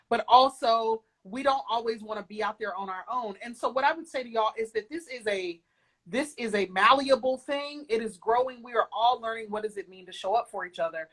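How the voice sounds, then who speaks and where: A woman speaking as a guest in a live video chat, animated and emphatic, often laughing and acting out quotes. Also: a little high, rough recording. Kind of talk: casual live-stream conversation.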